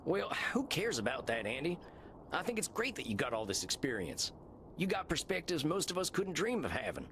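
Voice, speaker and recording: A man's voice: on the high side, very animated, fairly quick, a bit bright, slight background noise. A friendly cowboy vampire with a Southern US accent, folksy and plain-spoken. His mid-range voice swings up and down a lot as he talks. Blunt but kind. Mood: earnest. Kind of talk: voiced game dialogue.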